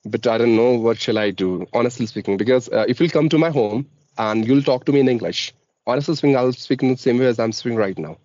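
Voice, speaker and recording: A man with an Indian accent, talking about learning English with deliberate, careful pronunciation. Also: medium pitch, a little mellow, no echo, highs cut off. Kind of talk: casual conversation practice.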